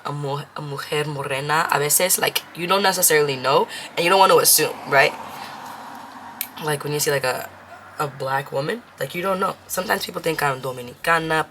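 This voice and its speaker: A woman's voice: low-pitched, a bit bright. A young woman vlogging about her budget in a chatty, casual way, counting bills aloud and mixing in Spanish phrases. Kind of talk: casual chat while counting cash.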